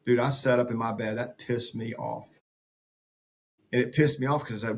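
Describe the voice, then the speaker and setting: A man's voice: medium pitch, moderate pace, gravelly. A middle-aged man speaking as a podcast guest, earnest and emphatic in a motivational way. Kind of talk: conversational interview.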